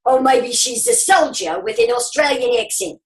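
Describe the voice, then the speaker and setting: Woman guest voice actor, high voice, upbeat, drops into voice demos, roomy sound. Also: expressive, normal speed. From Southern California. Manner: upbeat, demonstrates voices while explaining. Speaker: voice actress and guest. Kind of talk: casual webinar Q&A. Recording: roomy webinar audio.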